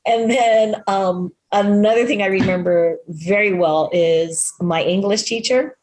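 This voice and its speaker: Laughing woman from Hawaii, softened Pidgin accent. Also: medium pitch, slow. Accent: Hawaiian Pidgin, held back. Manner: laughs often, chatty and self-deprecating. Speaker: guest. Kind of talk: casual interview chat. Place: at home in Hawaii, on a remote call.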